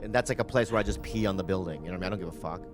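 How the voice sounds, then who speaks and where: A man's voice: deep voice, very fast, over music. A man hosting a podcast, rambling and joking in casual banter with many fillers and restarts. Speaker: podcast host.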